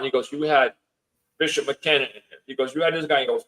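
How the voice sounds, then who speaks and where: A man's voice: a little high, fairly even intonation, brisk, low-quality recording. Man telling a story in rambling reported speech. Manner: retells events with lots of quoted dialogue; rambling, with restarts and filler words. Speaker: podcast guest, house owner. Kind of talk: casual storytelling.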